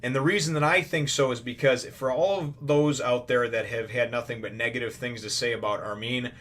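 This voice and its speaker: A man's voice: mid-range voice, steady tone, brisk, a bit bright. A man hosting a casual anime review, recapping an episode in a rambling, conversational way with occasional swearing. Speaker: anime reviewer, show host.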